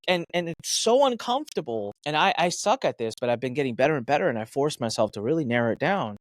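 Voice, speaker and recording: Guy talking fast and animated on a podcast, big swings in pitch, super dry close mic. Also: no echo. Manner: energetic, emphatic, acts out his own thoughts in quick asides. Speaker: podcast guest. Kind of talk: animated advice talk.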